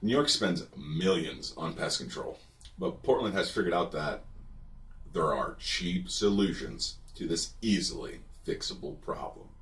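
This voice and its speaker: A man's voice: low voice, lively intonation, a little slow, a bit bright. A man narrating a personal story with wry, dry humor, recorded a bit away from the mic. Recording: distant from the mic.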